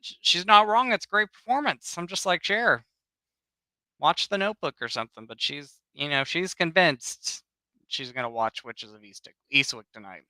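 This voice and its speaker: A man with a very bright, smooth voice, chatting casually on a livestream. He greets his viewers by name in an affectionate, gushing way. The sound is close and dry. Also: fairly high pitch, animated, normal speed, no echo, poor audio. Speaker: livestream host. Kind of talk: casual chat.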